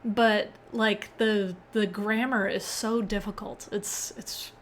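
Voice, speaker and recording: A woman's voice: mid-range voice, fairly even intonation, takes it slowly, slight background noise. A young woman hosting a casual live-coding stream, chatting with viewers and often laughing. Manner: chatty, reads chat aloud, laughs often.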